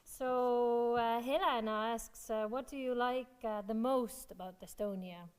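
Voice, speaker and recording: A woman's voice: a little high, fairly even intonation, measured pace, darkish tone, smooth, big-room sound. A woman moderating a session, reading out student questions in a chatty way with many fillers.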